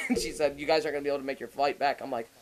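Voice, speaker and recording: A man's voice: mid-range voice, rapid-fire, slight background noise, low-quality recording. A young man, a podcast co-host, telling a long story in casual, profane chat and often laughing as he goes.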